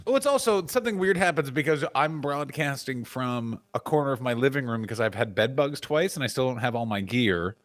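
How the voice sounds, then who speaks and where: Dude riffing crude jokes on a podcast, mid pitch, super dry close sound. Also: male voice, fairly quick, hardly any pauses, no echo. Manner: animated, profane storytelling. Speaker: podcast co-host. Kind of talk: crude comedic banter. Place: corner of his living room.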